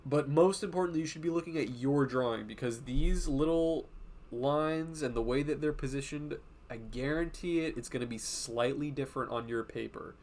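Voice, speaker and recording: A man's voice: mid-range voice, moderate pace. A man hosting a casual art livestream, talking in a rambling, profane way and drifting from tangent to tangent while he draws. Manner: animated, often slipping into quoted voices. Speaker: art streamer and host.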